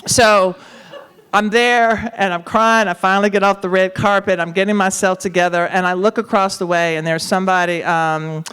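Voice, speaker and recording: Smooth-voiced woman telling an animated story. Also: medium pitch, normal speed. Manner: animated, acts out quoted voices. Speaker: talk show co-host telling a story. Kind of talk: conversational storytelling.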